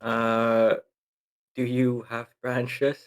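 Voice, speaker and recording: Slow-talking exasperated male player. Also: mid-range voice, monotone, clean tone. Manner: swears and laughs in exasperation. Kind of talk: playing a tabletop game on a live stream.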